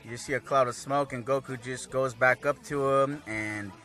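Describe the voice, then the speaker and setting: A man's voice: medium pitch, moderate pace, faint music behind. A man casually recapping an anime episode, rambling with lots of fillers. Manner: rambling, filler-heavy, animated.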